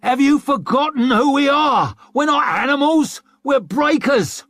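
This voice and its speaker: A man's voice: very high-pitched, animated, unhurried, fairly bright tone, dry recording, studio quality, pitched above the performer's own voice, full character voice. A man voicing a male riot leader who roars commands at his crowd. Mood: roaring. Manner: bellowing commands.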